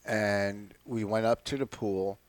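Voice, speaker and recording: A man's voice: fairly low pitch, steady tone, takes it slowly, dry recording. A man, a comedian, telling stories in a casual radio talk and laughing often. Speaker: guest comedian.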